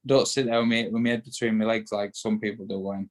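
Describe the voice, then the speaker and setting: A man's voice: mid-range voice, steady tone, quick pace, few pauses. A man with a Yorkshire accent in a casual interview, talking in a rambling way that repeats words and restarts often. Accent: Yorkshire English. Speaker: guest, bare-knuckle boxer.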